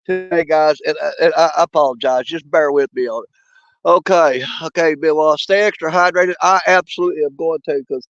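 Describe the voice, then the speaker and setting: A middle-aged man hosting a fishing channel, chatting casually while sick with a cough and fever, folksy and quick to laugh. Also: a little high, dry recording. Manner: folksy, laughs often, drawn-out shoutouts. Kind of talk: casual live chat shoutouts. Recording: dull, dry, lo-fi sound.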